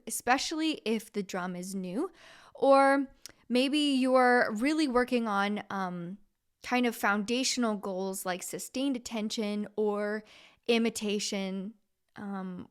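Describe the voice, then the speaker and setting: A woman with a smooth, mid-range voice teaches on her podcast as a music therapist. She describes steps plainly with a few fillers and demonstrates by singing simple call-and-response lines.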